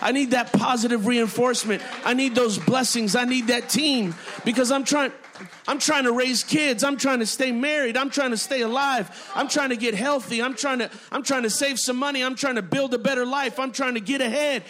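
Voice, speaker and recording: A man's voice: very high voice, steady tone, normal speed, a bit bright. A man preaching a sermon as pastor, driving his points with repeated phrases and frequent amens and hallelujahs. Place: church sanctuary.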